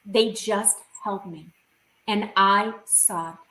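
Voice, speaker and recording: A woman's voice: medium pitch, fairly even intonation, drawn-out words, fairly bright tone, echoey room, rough recording. A woman guest on a video call, recounting a personal experience in vivid, emotional detail.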